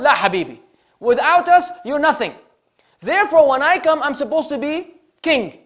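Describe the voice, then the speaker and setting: Man preacher, high-pitched, animated conversational lecture style, rhetorical. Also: moderate pace. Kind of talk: Islamic lecture to a live audience.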